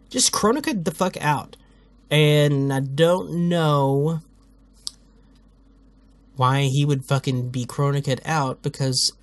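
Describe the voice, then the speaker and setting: A man's voice: mid-range voice, dry recording. A man hosting a casual video commentary who rambles, swears freely and often cuts himself off mid-thought. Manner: rambling, profane, self-interrupting. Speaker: host.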